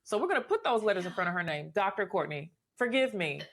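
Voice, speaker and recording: A woman's voice: medium pitch, very animated, fast, slight background noise. A woman from Memphis with a Southern accent, hosting a podcast interview in a sassy, playful, teasing way. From Memphis, Tennessee. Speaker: podcast host. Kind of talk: casual interview chat.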